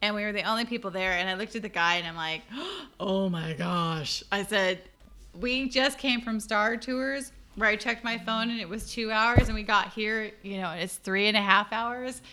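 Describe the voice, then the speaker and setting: A woman's voice: medium pitch, fairly even intonation, moderate pace, sharp tone, clean tone. A woman chatting casually as a host, telling stories with frequent laughter. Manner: chatty storyteller, laughs often. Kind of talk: casual chat.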